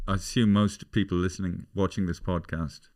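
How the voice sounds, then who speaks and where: A man's voice: low-pitched, fairly quick. A man with an Irish accent hosting a comic podcast, chatting and slipping into voices. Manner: animated, breaks into character voices. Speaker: podcast host.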